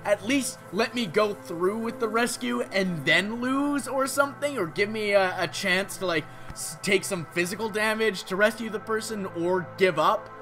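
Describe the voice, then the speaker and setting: Guy doing a let's play, reads the game text out then swears and rants, slightly high voice, music going underneath. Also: normal speed, few pauses. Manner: swears freely, flares into loud annoyed rants. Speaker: gameplay streamer.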